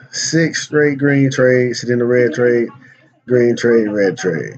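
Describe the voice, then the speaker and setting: A man's voice: mid-range voice, expressive, takes it slowly. A man casually talking through his day trades on a vlog. He uses slang, repeats and restarts words, and says he is losing his voice. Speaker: day trader and channel host. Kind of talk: casual trading commentary. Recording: dull lo-fi recording.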